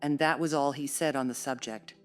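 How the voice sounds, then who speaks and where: Low-voiced woman narrating a classic novel. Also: faint music behind. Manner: measured, steady storytelling. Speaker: audiobook narrator.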